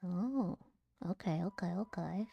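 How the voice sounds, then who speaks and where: A woman's voice: lowish voice, a little slow, gravelly, husky, dull audio, faint music behind. A young woman streamer practicing voice acting, chatting casually and laughing at herself between takes. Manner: giggly, self-mocking, chatty. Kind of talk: casual live-stream chat.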